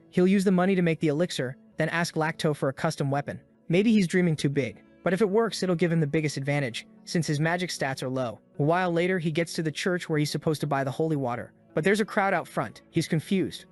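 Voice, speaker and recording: A man tells a comic story in a rapid, scripted recap style. His voice sits a bit higher than most men's. Quiet background music runs under his narration.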